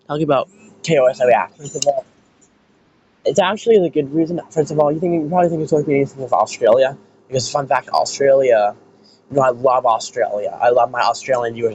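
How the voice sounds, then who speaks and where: Brief: a man, American commentator, rambling casual rant full of swearing, average pitch, muffled lo-fi recording with faint hiss. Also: a little mellow. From United States. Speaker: online commentator.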